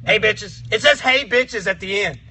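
A man voicing a crude, foul-mouthed, grumpy male box monster who hosts a live stream with shouty, mock-outraged rants. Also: high voice, normal speed, poor audio. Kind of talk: live stream chat in character. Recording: music playing behind the voice.

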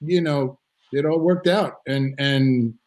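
A drummer guest, middle-aged, takes his time telling a story in a casual live video chat, his medium-pitched voice a little mellow. The recording is rough and picked up by a video-call microphone, and he rambles, restarts, and performs the quotes.

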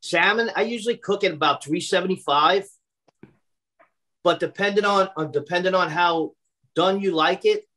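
His voice sits high with a sharp tone, moving at a moderate pace through poor-quality audio. The speaker is a personal chef from Brooklyn, New York, chatting casually on a video call with lots of fillers, restarts, and repeated words at the start.

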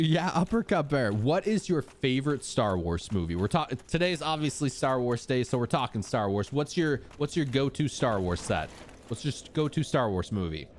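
A man hosting a live gameplay stream, chatting upbeat with his viewers and greeting them casually. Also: mid-range voice.

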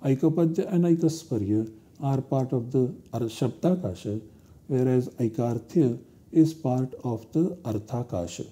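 Slow, dark-voiced lecturer. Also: male voice, medium pitch. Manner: slow, deliberate explanation. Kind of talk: university lecture. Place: recorded lecture studio.

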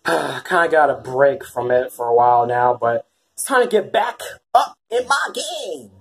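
A woman voicing an impatient male koopa with a lowered, pushy voice in a puppet comedy skit. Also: very animated, a little slow, breathy edge, full character voice. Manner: demanding, pushy.

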